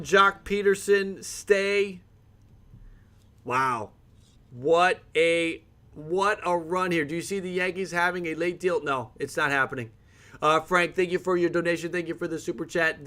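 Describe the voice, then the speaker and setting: A man hosting a live sports reaction stream, thinking aloud and getting excited as he reads out breaking news updates. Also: a little high.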